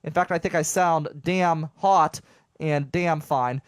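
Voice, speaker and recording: Young male show host, fairly high voice, chatty and excitable, stumbles over words, dry studio sound. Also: takes it slowly, clear, resonant tone, no room sound. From southwestern Pennsylvania. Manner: animated, rambling, jokey, lots of stammered restarts. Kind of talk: casual monologue to listeners. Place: home studio.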